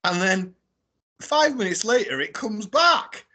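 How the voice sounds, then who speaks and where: British man, lively storyteller, bright and a bit husky; guest on a talk show. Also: sits high, takes it slowly. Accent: British English. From England. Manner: animated, tag questions, laughing mid-story. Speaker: guest explorer. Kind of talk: casual storytelling on a radio show.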